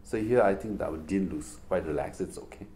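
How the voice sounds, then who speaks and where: A man's voice: low-pitched, fairly quick, slight background noise. A middle-aged man with a Tibetan accent, giving a public talk to a university audience and telling stories with rhetorical questions. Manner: animated storytelling with rhetorical questions. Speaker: public speaker.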